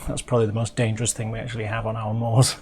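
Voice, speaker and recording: A middle-aged Englishman chats casually while reviewing a music video, his lowish voice flat, very fast, and a little mellow over a faint hiss or hum. He keeps interrupting himself, restarting sentences and filling the gaps with ums.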